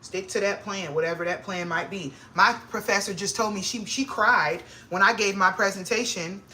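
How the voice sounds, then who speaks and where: Bright-voiced young woman, excitable and slangy. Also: normal speed, slight background noise. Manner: excitable, slangy, grows loud and high when hyped. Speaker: vlogger. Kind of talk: casual chat to camera.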